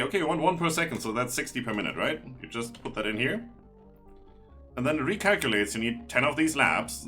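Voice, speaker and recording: A man's voice: mid-range voice, sharp tone. A man streaming a game live, chatting and explaining each step as he plays.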